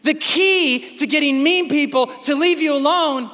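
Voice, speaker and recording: A man's voice: very high-pitched, a little slow, pushed and bright. A man giving an emphatic motivational keynote speech at a large convention, sometimes acting out voices in dialogue. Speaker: keynote speaker. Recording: reverberant hall sound.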